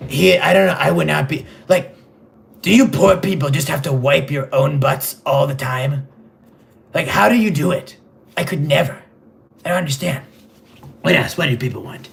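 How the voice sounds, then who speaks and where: Batman, gravelly and deadpan, as a man puts him on. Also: on the high side, moderate pace, pauses often. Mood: deadpan rambling. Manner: rambling, deadpan, self-absorbed. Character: vain, clueless rich male superhero. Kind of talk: comedic livestream character sketch.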